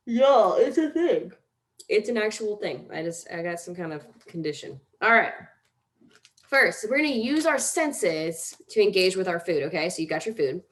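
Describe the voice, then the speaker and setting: A woman's voice: lowish voice, big pitch swings, brisk, few pauses. A young woman teaching a casual mindfulness exercise, chatty and self-deprecating, giving step-by-step instructions and yawning now and then.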